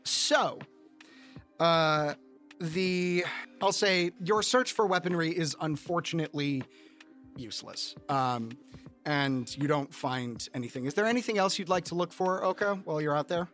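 A man's voice: fairly high pitch, a little slow, fairly bright tone, faint music behind. A man narrating a tabletop game as game master, in a loose, rambling way full of fillers.

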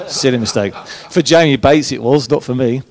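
A man's voice: medium pitch, unhurried, a little mellow. Man telling rowdy anecdotes. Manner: swearing, colloquial anecdotes with laughter. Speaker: former footballer, guest. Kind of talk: casual live storytelling. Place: event room with a live audience.

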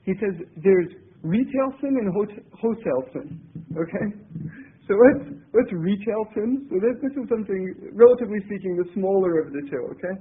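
A man giving a spiritual talk with personal stories, halting and often repeating words as he restarts. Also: high voice, husky. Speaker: religious teacher. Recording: tinny phone-like sound.

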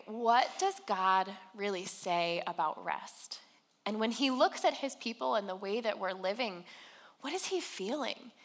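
A woman's voice: medium pitch, a bit bright. A young adult woman giving a conversational sermon, chatty and storytelling, with fillers like "um" and "like", recorded in a church hall. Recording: long reverb of a large hall.

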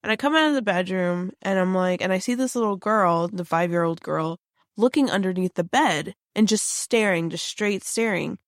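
A woman tells a creepy story from her own life in a loose, chatty way, with lots of fillers and restarts. Her voice sits at a middle pitch. The sound is close and dry. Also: normal speed, no echo. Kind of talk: casual spooky storytelling.

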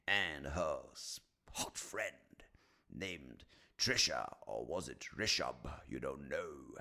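A man hosting a solo comedy podcast, rambling, swearing and mocking himself as he thinks out loud into a studio mic at home. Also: extremely low pitch, lively intonation, slow pace. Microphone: studio microphone.

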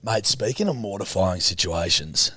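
A man's voice: low-pitched, normal speed, breathy edge, no echo, studio quality. A young Australian man hosting a podcast, telling a story in casual chat and slipping into put-on voices. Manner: animated, slips into put-on voices. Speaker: podcast host.

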